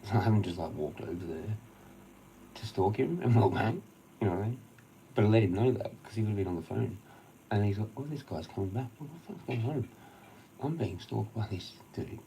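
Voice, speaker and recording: Swearing, rambling Australian man with a gravelly voice. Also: sits low, dark tone, a little hiss or hum, low-quality recording. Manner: heavy swearing, agitated, rambling storytelling. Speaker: livestreamer. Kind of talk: casual rambling rant.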